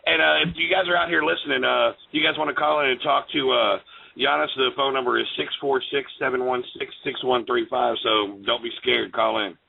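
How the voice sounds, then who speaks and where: Gravelly deep-voiced man over a tinny line. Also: fairly even intonation, fairly quick. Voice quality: low deep radio voice. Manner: joking, plugs show like a DJ. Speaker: co-host. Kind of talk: casual internet radio chat. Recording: tinny phone-line sound.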